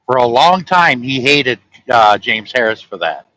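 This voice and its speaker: A man's voice: medium pitch, animated, unhurried, pushed and bright, rough recording. A man, a truck-driving vlogger, telling a story in a rambling, chatty way and chuckling at his own tales. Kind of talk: casual storytelling.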